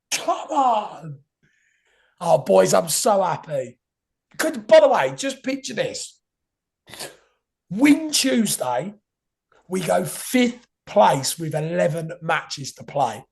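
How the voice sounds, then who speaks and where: Hoarse, excitable young man. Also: sits high, takes it slowly, pauses often. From England. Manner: excitable, chanting and rambling. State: hoarse, losing his voice. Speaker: podcast host. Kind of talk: casual football podcast chat.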